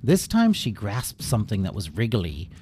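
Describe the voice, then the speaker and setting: A man's voice: fairly low pitch, huge pitch swings, moderate pace, dark tone, slight background noise. A man narrating a children's story in a playful way, adding his own sound effects.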